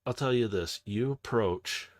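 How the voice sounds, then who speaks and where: A man narrating a tabletop game as game master, in a loose, chatty, animated way. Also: lowish voice, measured pace, no room sound.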